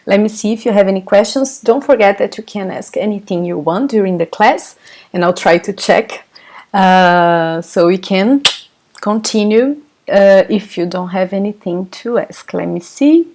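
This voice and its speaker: A Brazilian woman speaks at medium pitch and normal speed, her tone a little mellow and her accent Brazilian Portuguese. Over a live online class, she teaches her native language in English, explaining patiently and fielding questions from the chat.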